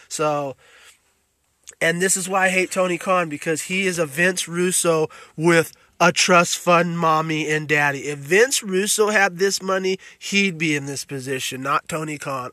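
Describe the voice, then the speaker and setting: A man's voice: fairly high pitch, bright, forceful tone, no echo. Profane ranting man, dry close sound. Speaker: podcast host. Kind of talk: solo podcast rant.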